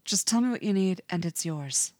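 Woman voicing a gentle, low-voiced young man. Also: lively intonation, moderate pace, no echo. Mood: tender. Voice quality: low scratchy voice. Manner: soft, soothing.

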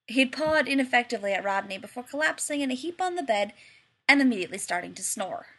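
A woman's voice: fairly high pitch, lively intonation, quick pace, fairly bright tone, a little hiss or hum. A woman narrating a story expressively in an audiobook reading.

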